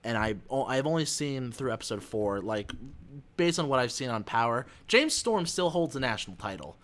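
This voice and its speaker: A man's voice: mid-range voice, very animated, normal speed, fairly bright tone. A man co-hosting a podcast in a casual chat, blunt and opinionated. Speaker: podcast co-host.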